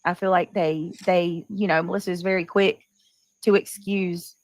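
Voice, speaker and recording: Woman host, casual livestream chat, lower pitch, dry recording, meandering delivery. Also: steady tone, normal speed, darkish tone, dry recording, rough recording. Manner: rambling, clears throat often.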